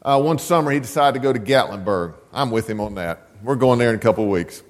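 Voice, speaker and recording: A man preaching a sermon, telling a story slowly and emphatically, repeating key lines. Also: mid-range voice, big-room sound. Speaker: pastor.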